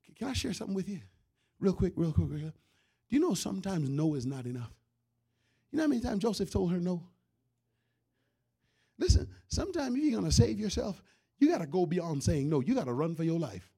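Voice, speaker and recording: A man preaching a sermon, retelling a story with lively shouts, character voices and soft asides. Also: high voice, brisk, pauses often, breathy edge. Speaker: pastor.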